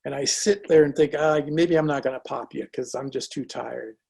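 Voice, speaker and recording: A man's voice: medium pitch, normal speed, creaky, breathy edge. A man telling a personal story in a motivational talk, acting out the dialogue as he goes. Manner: lively, acts out dialogue in anecdotes. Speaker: speaker.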